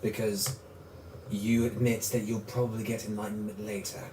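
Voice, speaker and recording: A man narrating a tabletop game as game master, animated and joking, often laughing. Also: fairly low pitch, moderate pace, echoey room, noisy background.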